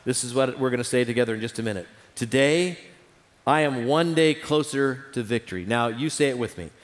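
A man's voice: medium pitch, fairly quick. A man preaching a sermon in an auditorium, earnest and repeating phrases for emphasis. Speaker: pastor. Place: large auditorium. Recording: reverberant hall.

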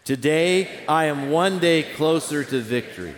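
A man's voice: fairly high pitch, normal speed, hardly any pauses. A man preaching a sermon in an auditorium, earnest and repeating phrases for emphasis. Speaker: pastor. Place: large auditorium. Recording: reverberant hall.

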